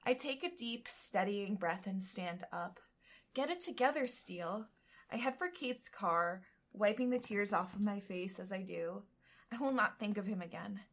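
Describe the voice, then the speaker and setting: A woman's voice: medium pitch, moderate pace. A woman co-hosting a casual podcast, reading a novel aloud and breaking off into joking asides.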